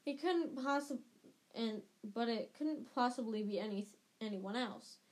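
A woman reading a novel aloud in a steady, plain storytelling manner. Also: fairly high pitch, measured pace. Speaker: reader.

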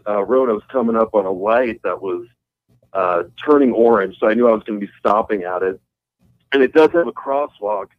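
A man's voice: medium pitch, no echo. Rambling man telling a story over a muffled line. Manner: rambling, swears freely, laughs through the story. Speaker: guitarist calling in as guest. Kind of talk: casual storytelling over the phone. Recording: muffled call-in phone line.

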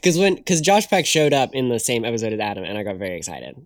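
A mid-pitched podcast co-host who talks casually and throws in deadpan jokes. The sound is close and dry. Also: quick pace, no echo. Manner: wry, joking, deadpan asides. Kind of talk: casual chat reviewing old TV.

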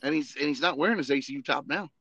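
A man, an Army veteran and podcast host, telling a casual, animated story full of swearing and "you know what I mean". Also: a little high, fast talker, no echo, dull audio.

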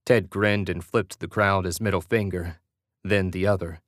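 A man narrating a horror novel aloud in a steady storytelling manner. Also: sits low, moderate pace, no room sound, studio quality. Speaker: audiobook narrator. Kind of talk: scripted narration.

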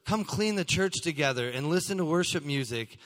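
A man's voice: on the high side, a little fast. A male pastor preaching earnestly, urging the congregation to serve. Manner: earnest, exhorting, animated. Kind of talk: sermon. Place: church sanctuary. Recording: reverberant church hall.

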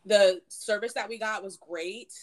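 Steady in tone and measured in pace, this medium-pitched woman co-hosts a podcast in her late twenties. She chats casually with friends, giggling and leaning heavily on "like" and "um."

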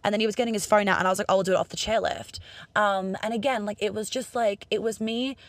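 A woman's voice: mid-range voice, steady tone, fast talker, no echo. A young Australian woman with an Australian accent, talking casually to camera in a chatty, upbeat, profane way and acting out bits of dialogue.

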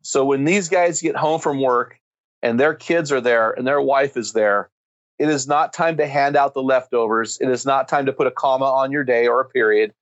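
A man's voice: mid-range voice, normal speed, no room sound, muffled recording. A man speaking as a guest, telling a story and preaching with emphatic, fervent build-ups. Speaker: guest speaker on men's ministry. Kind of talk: impassioned preaching-style storytelling.

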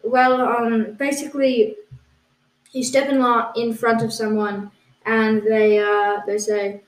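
A woman's voice: a little high, level tone, slow pace. A woman co-hosting a comedy podcast, hesitantly and earnestly defending absurd claims. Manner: hesitant, insisting on absurd claims with a straight face. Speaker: podcast co-host. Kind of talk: improvised comedy banter. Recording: echoey room.

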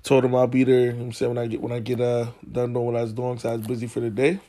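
A man's voice: mid-range voice, completely flat delivery, racing. A man hosting a podcast, telling a story in a casual, profane, slangy way, getting heated as he goes. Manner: slangy, profane, gets heated and loud when retelling arguments. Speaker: podcast host.

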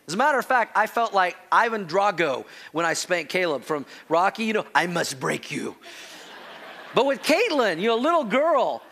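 A man preaching a sermon, telling family stories with acted-out voices, then turning soft and earnest. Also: high-pitched. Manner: animated storytelling, acting out his child's pleading voices; drops to a soft, slow earnest tone for the teaching. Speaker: pastor.

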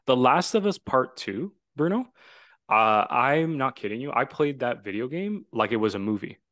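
A man hosting a podcast over a video call, chatting excitedly and casually, swearing now and then and trailing into fillers. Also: medium pitch, normal speed, no room sound, clean studio sound. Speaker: podcast host. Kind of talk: casual chat.

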